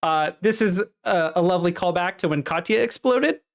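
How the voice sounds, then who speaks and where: A woman co-hosting a casual book-discussion podcast, recapping the plot at length in a lively way. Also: lowish voice, normal speed. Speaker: podcast co-host.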